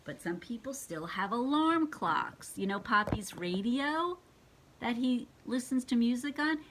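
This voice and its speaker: An older woman reading picture books aloud to her grandchildren, gentle and expressive, asking them questions as she goes. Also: on the high side, measured pace, slight background noise. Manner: gentle and expressive, asking the children questions and acting out animal sounds.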